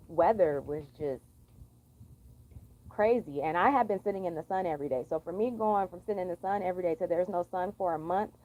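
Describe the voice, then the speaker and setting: A woman's voice: on the low side, dark tone, low-quality recording. A young woman venting in a blunt, profane, sassy monologue for her vlog. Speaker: vlogger.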